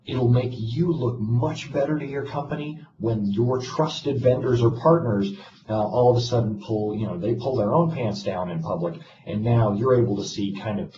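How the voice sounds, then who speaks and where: A man giving a casual presentation to an audience, telling a self-deprecating story with wry humor. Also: lowish voice. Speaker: conference speaker. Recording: echoey hall, distant mic, dull lo-fi, noisy.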